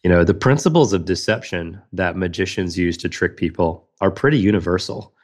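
A man's voice: deep voice, fairly quick. A man in his thirties, a podcast guest telling a personal story in an earnest, reflective way.

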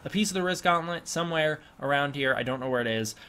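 A smug, brutish alien hunter speaks in an offhand, mocking way, as a man puts him on. The voice sits a little high for a man. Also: fast, pushed and bright, clear, resonant tone.

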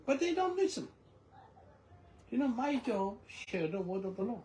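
Animated male preacher, echoey church hall. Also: very high-pitched, moderate pace, soft background music. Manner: animated storytelling, non-native phrasing, frequent laughter. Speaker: pastor. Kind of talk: sermon with testimony. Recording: echoey room with congregation. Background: congregation responding.

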